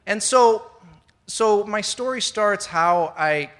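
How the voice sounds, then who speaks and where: A man's voice: sits high, animated, slow pace, a bit bright. A middle-aged man telling his recovery story to a meeting audience, rambling and earnest with many fillers and restarts. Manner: earnest, laughs at himself. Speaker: speaker sharing at a recovery meeting. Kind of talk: personal recovery share to a live audience. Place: indoor meeting room with an audience.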